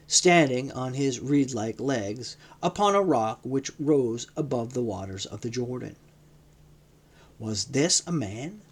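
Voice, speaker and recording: A man reading a novel aloud in a measured, dramatic narration. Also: medium pitch. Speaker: audiobook reader. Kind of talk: scripted narration.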